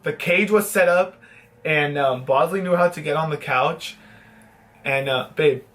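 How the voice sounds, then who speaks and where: A man's voice: a little high, measured pace, a bit bright. A young man vlogging, telling a long casual story with swearing and mock-dramatic sad asides.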